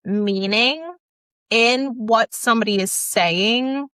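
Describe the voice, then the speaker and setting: A woman's voice: on the high side, slow pace, fairly bright tone, clear, resonant tone, no room sound, clean studio sound. A woman co-hosting a podcast, talking eagerly and asking questions in casual conversation. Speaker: podcast co-host, autism support worker.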